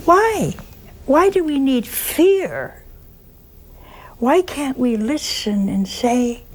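Woman preacher, slow delivery, storytelling sermon, whispered asides. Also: high-pitched, sing-song, breathy edge. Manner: plain-spoken, drops to a whisper for stress. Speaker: religious speaker. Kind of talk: informal sermon with stories.

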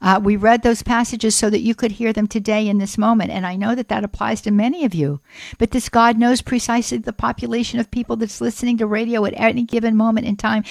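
A woman's voice: medium pitch, creaky, darkish tone, dry recording. A woman hosting a religious call-in radio show, praying aloud in an earnest, fervent way and then chatting with a caller. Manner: earnest, fervent, repeats phrases. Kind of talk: spoken prayer and call-in chat.

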